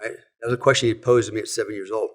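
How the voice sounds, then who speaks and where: A man's voice: lowish voice, steady tone, very fast. Middle-aged american guy, ex-military, telling a story real blunt, swears a lot, says you know and right constantly. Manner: frank and profane, many fillers like "you know" and "right?". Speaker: podcast guest, former special forces operator. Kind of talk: storytelling in casual conversation.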